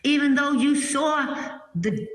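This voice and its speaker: A woman's voice: sits high, animated, slow, fairly bright tone. Aggrieved woman in an echoey room. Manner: aggrieved, insistent. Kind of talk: recounting a grievance. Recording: roomy, echoey audio.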